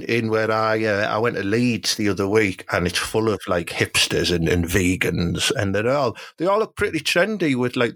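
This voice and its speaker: A man's voice: fairly low pitch, a bit bright, no room sound. Chatty man, dry close sound. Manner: chatty, rambling, jokey. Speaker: podcast host. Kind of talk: casual chat.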